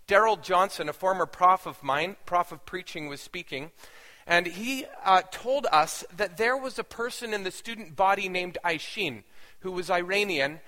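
Bright-voiced pastor telling a story. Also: male voice, sits high, moderate pace, in a large hall. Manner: earnest, dramatic storytelling. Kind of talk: sermon testimony storytelling.

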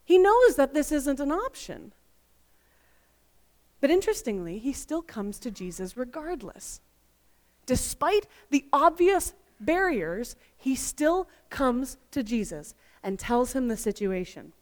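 Woman, Bible teaching, high animated voice, emphatic, long reverb. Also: slow pace. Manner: expressive, emphatic, rhetorical questions.

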